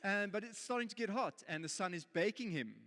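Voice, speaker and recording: South african guy preaching, kinda high pitched, jokey then earnest, big echoey church hall. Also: animated, fairly quick, fairly bright tone. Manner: jokey storytelling, builds to earnest emphasis. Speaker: pastor. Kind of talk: sermon. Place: church auditorium.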